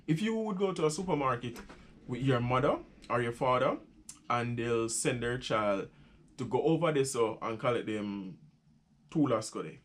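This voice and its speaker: A young Jamaican man with a Jamaican accent, chatting casually as he explains local sayings, laughing often and repeating phrases. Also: medium pitch. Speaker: vlogger teaching patois.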